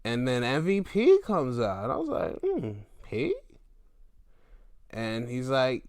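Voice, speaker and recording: A man hosting a casual wrestling recap, animated, swearing freely and acting out what others said. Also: medium pitch, unhurried, creaky, dry recording, studio quality. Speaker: podcast host.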